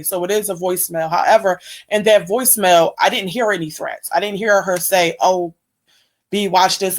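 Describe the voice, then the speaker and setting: A woman talks straight to her viewers in a casual reaction-video commentary. She is emphatic and keeps asking them what they think. Her voice sits at an ordinary middle pitch. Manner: emphatic, asks viewers questions.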